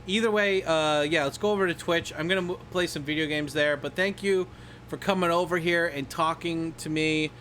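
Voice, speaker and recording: A man's voice: on the high side, normal speed, fairly bright tone, slight background noise. Rambling, profane man streamer. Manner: rambling, profane, laughs a lot, scats and imitates movie lines. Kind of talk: casual livestream chat.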